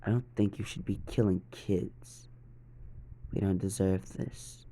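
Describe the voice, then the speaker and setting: A man voicing a cold, ruthless young boy held captive, speaking in a flat, calm way. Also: sits low, slow, full character voice.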